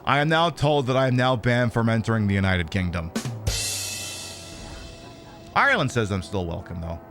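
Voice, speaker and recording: A man's voice: on the low side, normal speed, over music. A man hosting a live stream, chatting casually and profanely about a game and his merch. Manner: profane, animated, rambling. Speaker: streamer host.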